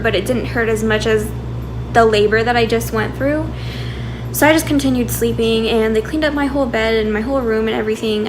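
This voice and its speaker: A young mother in her twenties, a vlogger, tells her birth story to the camera candidly, chatting and rambling as she goes. Her voice is on the high side, and the background is noisy.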